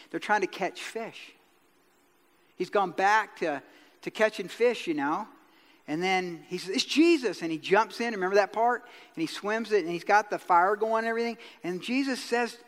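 A man's voice: high voice, a bit bright. A middle-aged man preaching a sermon as pastor, telling a story in a folksy way and acting out the dialogue. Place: church sanctuary. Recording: long reverb of a church hall.

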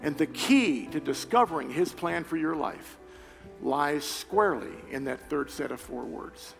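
A man preaching a sermon, telling a personal story with loud animated retellings and quiet earnest appeals. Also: a little high, unhurried, gravelly. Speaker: pastor. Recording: reverberant hall with faint music.

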